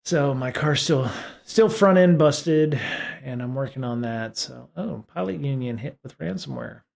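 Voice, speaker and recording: A man hosting a live stream in a loose, rambling way. His voice sits at an average pitch. He talks with plenty of fillers and restarts. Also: unhurried, gravelly, a little mellow. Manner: high-pitched baby talk to his cat. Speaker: streamer and host. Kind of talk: casual live-stream chat.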